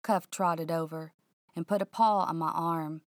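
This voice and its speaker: A woman narrating a first-person mystery audiobook in a hushed, suspenseful, drawling way. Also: low-pitched, steady tone, unhurried, dry recording, clean studio sound.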